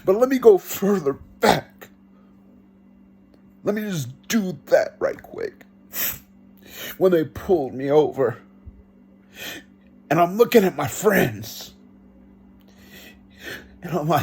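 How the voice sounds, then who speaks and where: A man giving an earnest first-person testimony, telling it slowly and reenacting his own pleas. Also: fairly high pitch, lively intonation, darkish tone, slightly rough. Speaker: vlogger.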